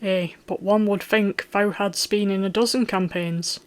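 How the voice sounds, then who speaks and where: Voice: medium pitch, steady tone, a little slow, close to an everyday voice. A reader voicing a roaring hot-tempered medieval lord. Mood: gruff hearty. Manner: gruff, loud, archaic speech. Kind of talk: audiobook character voice.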